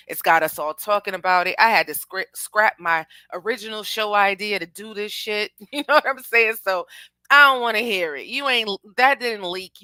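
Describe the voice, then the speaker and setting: A young woman hosting a casual music commentary show, talking in an animated, slangy way and addressing her chat. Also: medium pitch, no echo. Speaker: podcast host.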